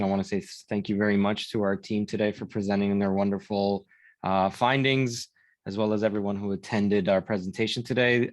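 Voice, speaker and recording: A man hosting an online library workshop, relaxed as he thanks the presenters and wraps up. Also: on the low side, dry recording, low-quality recording. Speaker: library program host. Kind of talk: closing a live online workshop.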